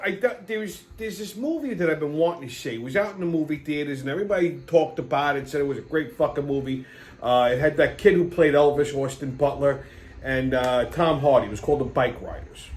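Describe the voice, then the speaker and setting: A man's voice: sits high, fairly bright tone. A man in his fifties hosting his own show, ranting casually and profanely with lots of animation. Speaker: host. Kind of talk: casual monologue.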